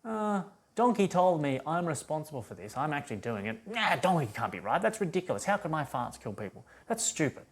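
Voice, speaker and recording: A man's voice: on the high side, very animated, brisk, few pauses, breathy edge, pitched above the performer's own voice, exaggerated voice. A man voicing a stubborn male ogre who scoffs and brushes off any blame. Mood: dismissive. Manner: scoffing, dismissive.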